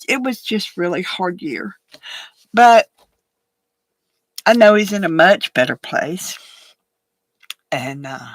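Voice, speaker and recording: Slow woman telling a story. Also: lowish voice, fairly bright tone, dry recording, low-quality recording. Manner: slow, rambling, halting with many fillers. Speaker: crafter sharing a personal story. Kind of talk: casual storytelling while crafting.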